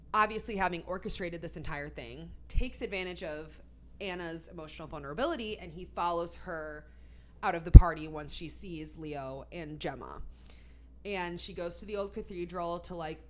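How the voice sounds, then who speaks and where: A woman's voice: low voice, darkish tone, a little hiss or hum. A woman recapping a novel in a casual, chatty way, full of fillers and sarcastic asides. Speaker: book reviewer.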